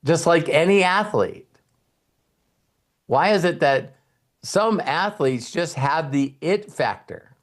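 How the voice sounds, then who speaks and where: A man's voice: on the high side, animated, slow pace, pauses often. A middle-aged man hosting a motivational talk, telling stories and acting out quoted voices with some casual swearing. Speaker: host and mentor.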